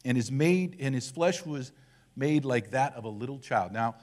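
An older man, a church elder, giving a relaxed conversational sermon and acting out the voices of the people in his story. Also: medium pitch, moderate pace.

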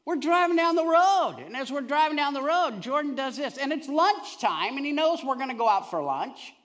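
A male pastor preaches with animated storytelling and a bright, forceful tone. His pitch rises and falls widely, and he swings from loud bursts to hushed asides. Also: moderate pace. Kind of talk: sermon.

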